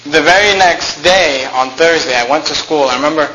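A man telling a personal story aloud in a reflective, halting way, often restarting his phrases and slowing down at the heavy moments. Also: a little high, bright, forceful tone, rough recording.

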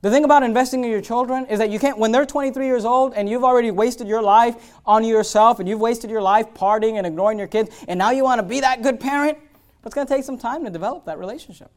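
A man preaching a sermon as pastor, swinging from hushed asides to loud, emphatic repeated phrases. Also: extremely high pitch, quick pace.

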